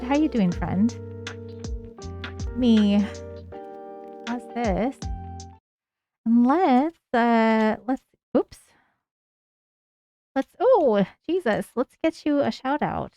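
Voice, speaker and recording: A woman chatting casually on a live stream, laughing often and cooing at her cats in a high sing-song voice. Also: extremely slow, pauses often, faint music behind. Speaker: livestreamer.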